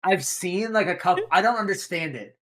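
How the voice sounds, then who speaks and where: A fast-talking co-host with a mid-range voice tosses out laid-back, wry reactions in casual chat. The words come quickly and easily. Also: medium pitch, animated, fairly bright tone.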